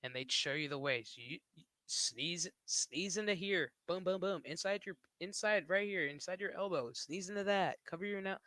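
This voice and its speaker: A man's voice: high-pitched, moderate pace, sharp tone, no echo. A man streaming who talks in a rambling, casual way, swearing and laughing often. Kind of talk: casual livestream chat.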